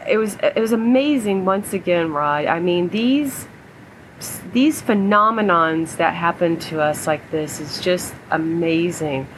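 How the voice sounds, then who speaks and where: A woman's voice: on the low side, slight background noise, poor audio. A woman co-hosting a casual spiritual chat over a remote call, talking in an emotional, gushing, rambling way. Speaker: co-host.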